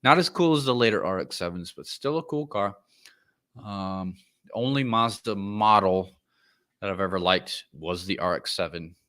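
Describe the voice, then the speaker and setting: Podcast host, man from the US, opinionated and profane, lowish bright voice, rants then apologizes. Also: moderate pace. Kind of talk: casual ranting commentary.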